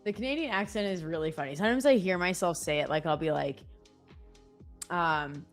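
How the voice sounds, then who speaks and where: Chatty young woman trader, low voice. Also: fairly quick, soft background music. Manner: chatty, lots of "like", jokey. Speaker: trader co-host on a live stream. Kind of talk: casual chat.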